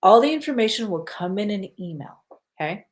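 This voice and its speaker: A woman's voice: mid-range voice, animated, fairly quick. A woman working as a psychic medium, chatting casually on a livestream and repeating her reminders.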